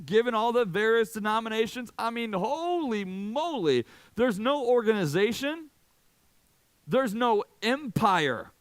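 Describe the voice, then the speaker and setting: A man's voice: high voice, fairly bright tone, smooth, no room sound. A man in his late twenties from Indiana, a youth pastor giving a casual, self-deprecating talk full of personal stories. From Indiana, USA. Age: late 20s. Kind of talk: sermon with personal storytelling.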